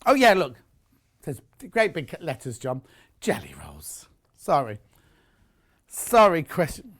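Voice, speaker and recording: A man's voice: fairly high pitch, sing-song, unhurried, a bit bright. A middle-aged man presenting products live on a home shopping channel, chatty, enthusiastic and jokey about himself.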